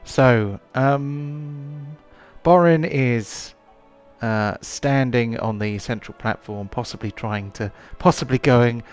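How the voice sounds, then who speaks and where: A man's voice: medium pitch, fairly even intonation, slow, faint music behind. A man running a tabletop game as game master, hesitant, with many ums and restarts.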